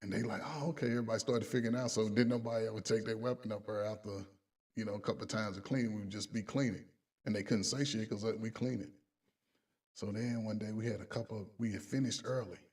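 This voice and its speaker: A man's voice: on the low side, fairly even intonation, fast, darkish tone, slightly rough, distant mic. A man, a coach, casually telling profane stories, laughing along and quoting other people in his own voice. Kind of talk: casual storytelling.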